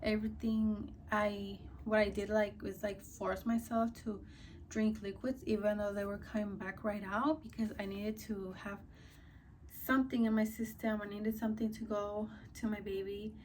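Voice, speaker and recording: A woman's voice: mid-range voice, flat delivery, moderate pace, a little mellow, far from the mic, a little hiss or hum. Young woman vlogger, casual storytime, filler-heavy and slightly breathless. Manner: chatty, many fillers like "like" and "um". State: a little out of breath.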